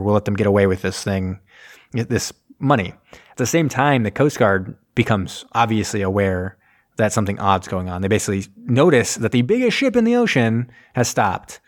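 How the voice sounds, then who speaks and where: A man in casual chat, recapping a film plot and acting out the characters' lines in quick voices. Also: on the low side, lively intonation. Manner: rambling, acts out scenes in quick voices. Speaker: podcast host recapping a film.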